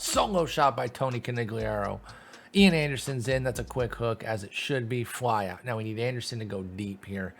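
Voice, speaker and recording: A man giving casual play-by-play commentary over a sim baseball game, calling out results quickly and joking. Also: medium pitch. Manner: animated, quick call-outs, self-deprecating laughs. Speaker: gaming YouTuber.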